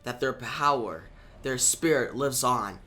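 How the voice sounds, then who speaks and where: A man reading the lines of a grave young female mystic hero in a comic recap, quiet and slow. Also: medium pitch. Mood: mournful.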